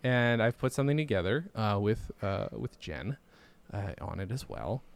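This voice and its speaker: A man's voice: fairly low pitch, animated, moderate pace, gravelly. A man hosting a podcast in casual chat, rambling and self-deprecating, with lots of fillers and restarts. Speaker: podcast host.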